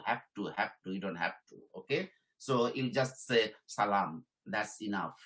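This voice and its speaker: A middle-aged man teaches in a loose, conversational way. His voice is bright, at a middling pitch. He repeats key points and keeps checking in with "okay?". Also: low-quality recording. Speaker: career trainer and professor. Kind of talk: informal teaching talk.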